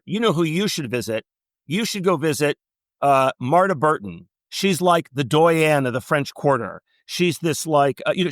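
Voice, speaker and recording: A middle-aged man, a travel writer guest, telling long anecdotes and quoting people in animated storytelling. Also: a little high, dry recording. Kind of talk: storytelling interview.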